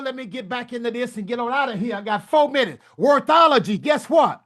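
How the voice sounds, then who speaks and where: A man, preaching a hyped motivational talk to a summit audience. He works the crowd in call-and-response, with folksy phrases and sudden bursts of shouting. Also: very high voice. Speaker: book coach and summit speaker.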